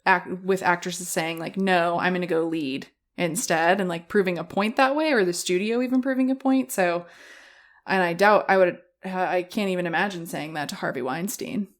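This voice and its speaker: A woman's voice: on the low side, moderate pace. A woman talking as a podcast guest in casual film chat, chatty, laughing a lot and saying "like" often.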